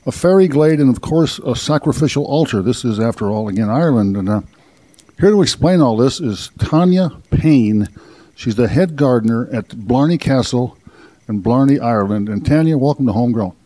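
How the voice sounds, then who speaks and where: Brief: male radio host, mellow tone, folksy and joking, gardening show on location. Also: mid-range voice, expressive, moderate pace. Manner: folksy, jokey, self-deprecating. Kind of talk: radio interview and presenting. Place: outdoor castle gardens.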